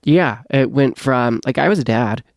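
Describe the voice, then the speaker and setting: A man's voice: mid-range voice, normal speed, dry recording, muffled recording. A man, a podcast host now interviewed in casual chat, talking candidly and rambling, swearing freely.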